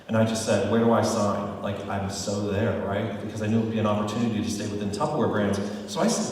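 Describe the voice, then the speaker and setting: A man leading a motivational sales training for a live audience, chatty and animated, joking with the crowd. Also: on the low side. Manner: chatty, animated storyteller who jokes with the crowd. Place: large hall with live audience. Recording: echoey hall, far from mic.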